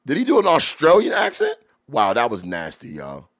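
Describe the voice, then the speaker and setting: A man hosting a podcast, reacting to old rap videos in loose, animated talk full of drawn-out exclamations. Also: medium pitch. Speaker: podcast host. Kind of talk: casual commentary reacting to music videos.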